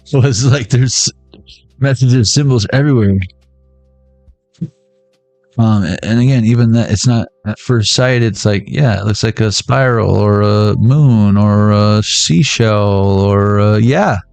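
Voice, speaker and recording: A man's voice: fairly low pitch, measured pace, creaky, darkish tone, no room sound, soft background music. Playful slangy man reading tarot. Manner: playful and jokey, slangy banter. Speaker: tarot reader. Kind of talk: casual pick-a-deck tarot reading.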